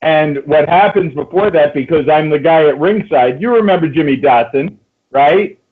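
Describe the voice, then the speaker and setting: A man hosts a podcast in a casual, halting way, circling back over his own words. His voice sits a little high. It comes through a thin, phone-like line. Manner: halting, many restarts and fillers. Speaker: podcast host. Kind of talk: casual chat.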